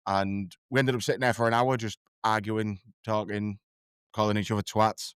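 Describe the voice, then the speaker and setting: A man's voice: fairly low pitch, level tone, moderate pace, a bit bright, clear, resonant tone, dry recording, studio quality. A man talking as a podcast guest in a casual chat, rambling and self-deprecating, often tripping over his words.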